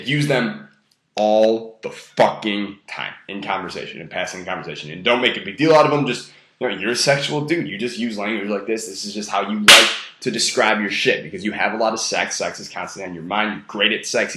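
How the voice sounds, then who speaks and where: A man's voice: fairly low pitch, fast, few pauses, bright, forceful tone, echoey room. A young man giving blunt, profane dating advice in a casual monologue, heavily stressing key words and amusing himself. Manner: blunt, profane and self-amused.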